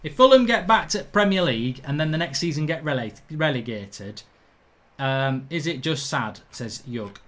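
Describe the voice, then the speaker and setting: A middle-aged man from England, slightly high-pitched, hosts a live football watchalong. He reads out viewer comments and talks bluntly and colloquially, ranting with indignation about bad refereeing decisions. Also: lively intonation, moderate pace, a bit bright.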